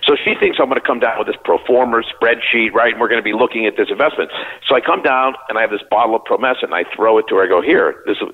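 A man's voice: on the low side, very fast, hardly any pauses. A man in his sixties, a company CEO, telling joking anecdotes in a casual interview and acting out the dialogue. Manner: lively anecdotes, jokey, acts out quoted dialogue. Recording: phone-like narrow band.

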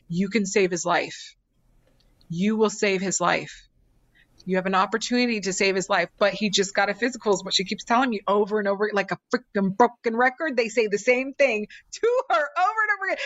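A woman's voice: mid-range voice, fairly bright tone, no echo. A woman tells a story with plenty of drama, voicing the people in it and hammering phrases again and again. Her voice sits in the middle range. The recording is a little muffled and very dry. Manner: dramatic, acts out quotes, repeats phrases. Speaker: psychic medium guest. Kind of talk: animated storytelling in conversation.

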